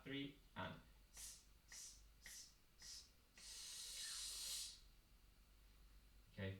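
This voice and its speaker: A man, a choir teacher leading a vocal warm-up and explaining each step patiently. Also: lowish voice, slight background noise. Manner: patient, step-by-step instructing with demonstrations. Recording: echoey room, mic at a distance.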